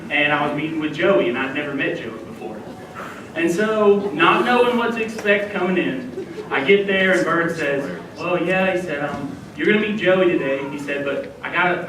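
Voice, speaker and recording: A young man in his twenties, a youth minister from Dallas, telling a lively, self-deprecating story to a youth group. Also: fairly high pitch. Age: 20s. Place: church hall. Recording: echoey room from far off, noisy.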